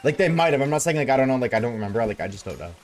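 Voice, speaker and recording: Man, casual streamer chat, relaxed slangy talk, animated pitch. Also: rapid-fire, soft background music. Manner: laid-back, slangy, reads chat aloud.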